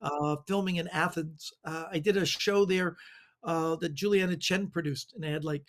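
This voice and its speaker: A middle-aged man, a magician guest, telling animated anecdotes with lots of fillers. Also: on the high side, vocal fry. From Canada. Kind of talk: storytelling interview answers.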